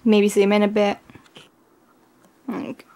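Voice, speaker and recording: Woman, fairly high voice, gushing and excited, casual unboxing chatter, strained voice that keeps giving out. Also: a little slow. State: voice giving out, coughing. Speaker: K-pop album unboxer.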